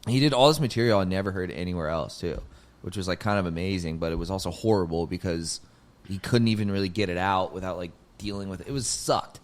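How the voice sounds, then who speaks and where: A young man hosting a podcast, telling a long story in casual chat, full of filler words and swearing, and he gets loud and high when excited. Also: fast talker. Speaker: podcast host, comedian.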